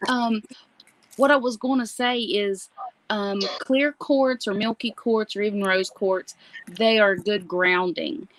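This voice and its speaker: A woman's voice: medium pitch, fairly even intonation, slow, no echo, low-quality recording. Easygoing woman on a live call. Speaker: guest on a live chat. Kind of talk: casual chat on a live video call.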